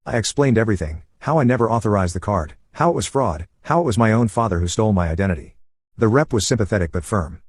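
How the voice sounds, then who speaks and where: A man narrating a first-person story in an even, steady voice over gameplay. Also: lowish voice, fast, slightly rough, no room sound, studio quality.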